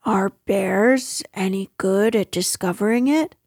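A woman voicing a simple, cheerful, honey-loving bear who sounds gently puzzled. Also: medium pitch, takes it slowly, gravelly, husky, no room sound, clean studio sound, exaggerated voice.

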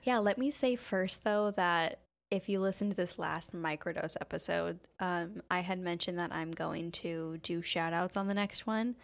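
A woman's voice: lowish voice, steady tone, normal speed, gravelly, few pauses. A woman co-hosting a casual podcast, chatting and reading out case notes in a laid-back, jokey way. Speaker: podcast co-host. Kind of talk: casual chat and true-crime narration.

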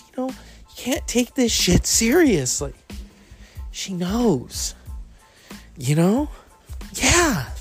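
A man's voice: sits high, darkish tone. A man hosting a podcast, riffing through a profane comic monologue with camp asides. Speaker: podcast host.

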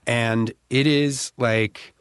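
A man's voice: medium pitch, steady tone, very slow, clear, resonant tone, no room sound, clean studio sound. A middle-aged man on a podcast, chatting loosely with lots of restarts and fillers. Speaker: podcast co-host. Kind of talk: casual chat.

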